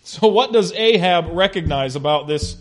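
Animated man teaching a Bible lesson. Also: high voice, moderate pace. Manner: animated, questioning the class, humorous.

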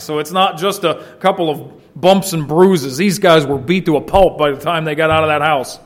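A man preaching an expository sermon, swinging between loud emphasis and quiet, low asides. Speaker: pastor.

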